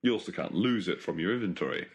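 A man's voice: low-pitched, expressive, fast talker. A man joining a casual group chat with jokey, teasing interjections.

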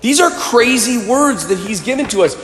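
A man, a Catholic priest, preaching an earnest, emphatic sermon and often clearing his throat. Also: very high voice, expressive, moderate pace, fairly bright tone, a little hiss or hum. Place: church. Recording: echoey church with long reverb.

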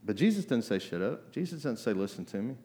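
A man preaching a sermon in a conversational way, acting out voices and asking "right?" often, climbing to loud emphatic bursts. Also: on the low side, big pitch swings, fast. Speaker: pastor.

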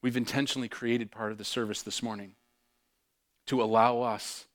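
A male pastor preaching a sermon. He swings between loud, fervent bursts and hushed, intimate passages, and he repeats phrases for emphasis. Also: mid-range voice, level tone, normal speed.

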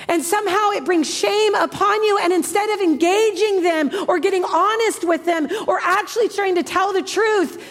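A woman in her thirties preaching a sermon with passion, moving between hushed, soft lines and emphatic ones. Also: extremely high pitch. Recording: long hall reverb.

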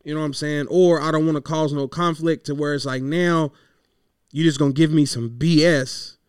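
A man's voice: a little high, steady tone, moderate pace, clear, resonant tone, no room sound, clean studio sound. A man who hosts a podcast, venting in a casual, rambling monologue and swearing freely as he talks through his frustration.

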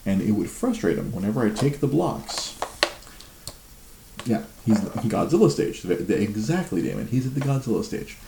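Deep gravelly guy rambling on a live show, laughs a lot, echoey room w/ faint hiss. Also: big pitch swings, moderate pace. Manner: rambling, laughs often, stammers and repeats words. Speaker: livestream show host. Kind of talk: casual chat. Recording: roomy echo with faint noise.

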